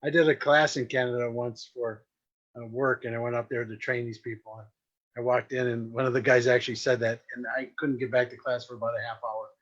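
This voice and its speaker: Guy hosting a chat, jokey, laughs a lot, mid pitch, kinda muffled dull audio. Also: little pitch movement, brisk, a bit bright. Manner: jokey, laughs often, acts out quoted voices. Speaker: podcast host. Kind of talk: casual chat.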